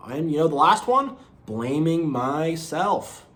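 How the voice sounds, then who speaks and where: A man's voice: fairly high pitch, expressive, slow, fairly bright tone. A man giving an unscripted motivational monologue, earnest and rambling, repeating phrases and saying "you know" often. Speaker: motivational video creator.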